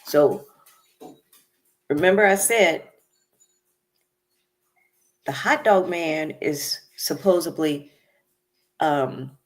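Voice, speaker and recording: A woman's voice: low-pitched, drawn-out words, pauses often. A woman hosting a casual reality TV recap, chatty and opinionated, with many fillers. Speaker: recap show host.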